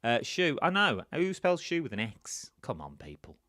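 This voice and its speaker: Chatty quiz host, man, animated pitch, teasing, dry close mic. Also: normal speed, dry recording. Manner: chatty, repeats answers, teasing. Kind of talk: live-stream quiz hosting, casual chat. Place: indoors, seated at home.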